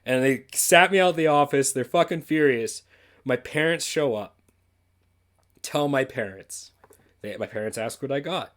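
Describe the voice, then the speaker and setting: A man's voice: mid-range voice, moderate pace, fairly bright tone. A man from Canada, a podcast co-host, telling a school story in casual chat and swearing freely.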